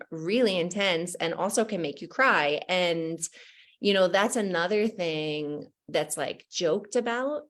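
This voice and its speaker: This is a middle-aged woman with a New Jersey accent, chatting frankly as a podcast host. Her voice sits somewhat low, and she laughs often as she talks. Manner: candid, animated, laughs often. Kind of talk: casual conversation.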